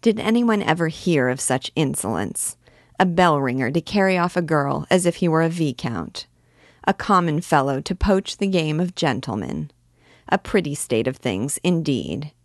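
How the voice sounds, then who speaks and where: A woman's voice: deep voice, big pitch swings, moderate pace, no echo, studio quality. A woman doing a brash, swaggering young captain. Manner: bold, assured, swaggering. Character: bold brash young male army captain.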